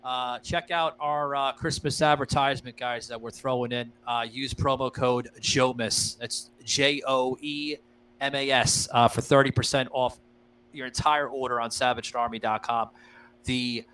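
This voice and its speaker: A man's voice: medium pitch, steady tone, a little slow, fairly bright tone, smooth, rough recording. A man hosting a podcast, talking loosely and profanely with a lot of fillers and laughs, and addressing the listeners as guys. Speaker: podcast host. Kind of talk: casual podcast chat.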